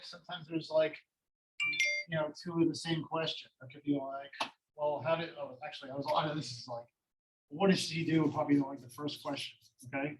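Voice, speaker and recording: Male teacher, casual classroom lecture, rambling, self-deprecating, voice a bit on the high side. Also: slight background noise, low-quality recording.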